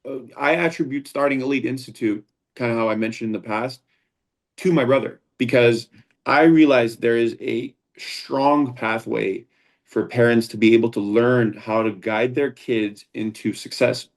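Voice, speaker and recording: A man's voice: mid-range voice, fairly even intonation, moderate pace. A man, a founder and combat sports instructor, talking as a guest in a casual interview, earnest and rambling, with frequent restarts.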